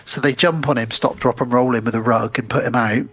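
A man's voice: medium pitch, steady tone, fairly quick, a bit bright, breathy edge. A man co-hosting a podcast, retelling film scenes in casual chat and acting out the characters' lines. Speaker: podcast co-host.

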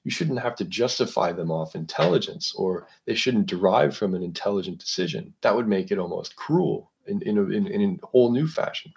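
A man hosting a literature discussion, explaining a book in a measured, analytical way while thinking aloud. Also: fairly low pitch, expressive, gravelly, darkish tone.

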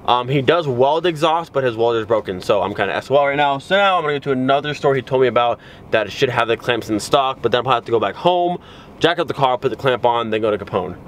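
A man's voice: medium pitch, expressive, fast, a little hiss or hum. A young man filming a casual car vlog, talking in a rambling, exasperated way with many filler words. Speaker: car vlogger.

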